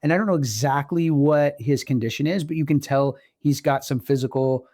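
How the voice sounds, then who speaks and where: A man co-hosting a casual podcast, telling long stories with animated swings in pitch. His voice sits at an ordinary middle pitch. The sound is close and dry. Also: moderate pace, no echo. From Oregon. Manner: animated storyteller, pitch jumps when excited. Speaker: podcast co-host. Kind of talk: casual storytelling chat.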